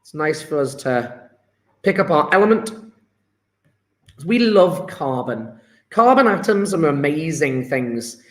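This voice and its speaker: A high-voiced man teaching chemistry in an easygoing, encouraging way, peppering his talk with "yeah?". His voice rings in an echoey room. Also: big pitch swings, takes it slowly, pauses often. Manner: chatty, encouraging, fillers of "yeah?". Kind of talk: live online lesson.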